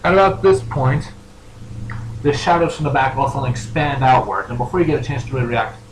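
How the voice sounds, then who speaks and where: A man's voice: medium pitch, fast talker. A man running a tabletop role-play game as game master, narrating casually with rambling fillers, in an echoey room with faint noise.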